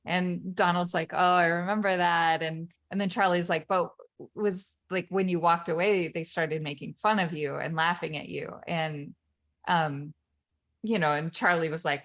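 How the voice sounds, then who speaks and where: With a lowish, fairly bright voice, fairly even intonation and normal pace, this mother chats casually as a podcast co-host. She retells a film scene in a rambling way, laughing often and restarting.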